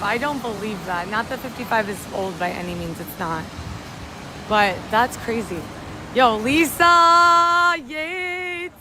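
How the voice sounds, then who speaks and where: A young upstate New York woman with a medium-pitched voice livestreams from her phone while walking a rainy city at night. In casual chat she rambles and reads out and thanks her viewers, with street noise clearly audible behind her.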